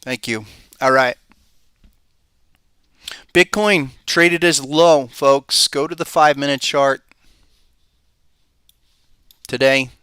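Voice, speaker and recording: A man's voice: mid-range voice, takes it slowly, pauses often, bright, forceful tone, clear, resonant tone, no room sound, studio quality. A man hosting a live market commentary podcast, talking casually and thinking aloud with rhetorical questions. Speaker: podcast host and market analyst.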